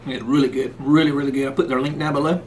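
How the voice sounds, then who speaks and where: A man's voice: medium pitch, level tone, quick pace, darkish tone, slight background noise. A man hosting a casual cooking vlog, talking folksy and sometimes with food in his mouth. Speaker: cooking channel host. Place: outdoors in the rain, then indoors.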